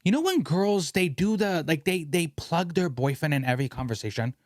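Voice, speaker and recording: Animated young man ranting on a podcast. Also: on the high side, a little fast, dry recording, studio quality. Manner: animated, swears freely, ranting. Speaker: podcast host. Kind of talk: casual podcast rant.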